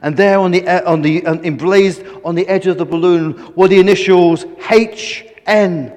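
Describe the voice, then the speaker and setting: A man reading a children's story aloud with animated, playful emphasis. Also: high-pitched, normal speed, in a large hall.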